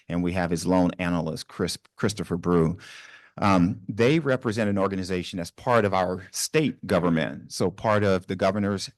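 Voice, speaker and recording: A man's voice: low voice, dry recording, clean studio sound. A man with a Southern accent from New Orleans, speaking on a business panel to a live audience in a conversational way, with many ums and restarts. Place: university event room.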